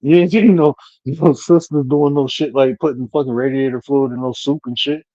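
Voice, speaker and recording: A man talking bluntly and profanely from home on a live-stream panel, telling animated stories with laughter. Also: medium pitch, moderate pace, no room sound, highs cut off.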